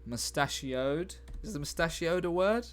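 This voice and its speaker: A man's voice: on the high side, animated, measured pace, soft background music. A man chatting casually on a live stream while he writes a script, musing aloud. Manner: musing aloud, chatty, laughs at his own ideas.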